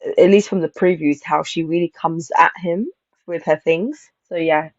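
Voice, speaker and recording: A woman hosting a casual reality-show review panel, talking in animated, rambling bursts and laughing as she acts out quotes. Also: on the low side, moderate pace, no echo. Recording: slightly dull lo-fi mic.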